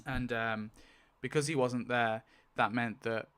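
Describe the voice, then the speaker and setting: A young man on a casual stream, talking through ideas as they come, with plenty of fillers. His voice is smooth and clean. His pitch sits in an ordinary middle range. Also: fairly even intonation, measured pace, a bit bright, dry recording. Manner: rambling, thinking aloud with fillers and chuckles.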